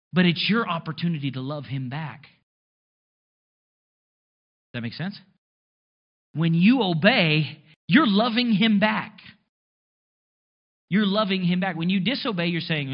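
A man preaching with a husky voice that rides high and swings up and down in pitch. He talks to his congregation, tossing in rhetorical questions and dry sarcastic asides. The recording is a little muffled and lo-fi. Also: expressive, unhurried, pauses often. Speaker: pastor. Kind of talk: sermon.

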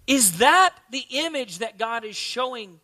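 A man's voice: very high-pitched, sharp tone. A man in his thirties giving a conversational sermon as a pastor, often asking his listeners questions. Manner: conversational, asks the audience questions.

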